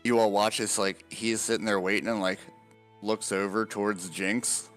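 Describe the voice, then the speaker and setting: A man narrating a tabletop game as game master, animated and casual, swearing freely. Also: lowish voice, moderate pace, faint music behind.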